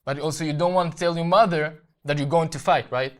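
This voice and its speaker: A young Israeli man, interviewed as a guest, gives an earnest personal testimony. His voice is a little high with fairly even intonation, and he speaks haltingly, restarting often and repeating words.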